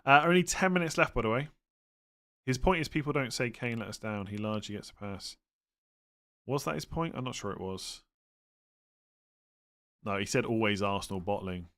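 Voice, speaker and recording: A man hosting a live stream, chatting casually and thinking aloud as he answers viewers' questions. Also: fairly low pitch. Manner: relaxed, thinks aloud with fillers and quick verdicts. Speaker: livestream host answering fantasy football questions.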